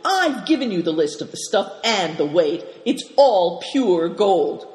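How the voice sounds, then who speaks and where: Gruff, snarling male crook from a storybook, growled by the reader. The voice rings around a roomy hall with a long tail of reverb. Harsh and bad-tempered throughout. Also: medium pitch, very animated, measured pace, a little mellow. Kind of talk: storybook reading.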